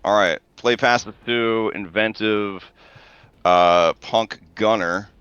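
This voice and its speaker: A man's voice: on the low side, slow pace, a bit bright, clean tone, dry recording, lo-fi sound. A man narrating a tabletop game as game master in loose, chatty talk, swearing and thinking aloud.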